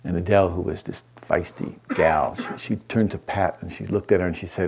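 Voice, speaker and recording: A man who teaches meditation, telling a story to an audience in a gentle, unhurried way and often checking in with his listeners. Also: low voice, steady tone, creaky, a little hiss or hum. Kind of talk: storytelling talk to a live audience.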